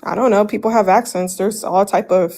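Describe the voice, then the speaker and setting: A woman calling into a live stream, curt and defensive, firing sharp questions back. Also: medium pitch, fairly even intonation, brisk. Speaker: caller. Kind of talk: defensive argument on a live call.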